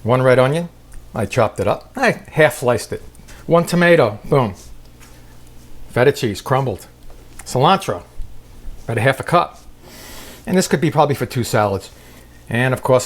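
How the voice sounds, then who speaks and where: A man's voice: mid-range voice, slight background noise. A man hosting a casual cooking demonstration in a kitchen, joking and chatting to the viewer. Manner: jokey, chatty, talks to the viewer. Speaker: cooking show host. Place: home kitchen.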